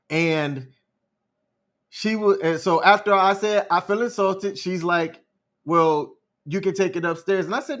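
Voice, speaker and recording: A man co-hosting a podcast, telling a story in a calm, measured, unhurried way. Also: sits high. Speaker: podcast co-host. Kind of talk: casual storytelling chat.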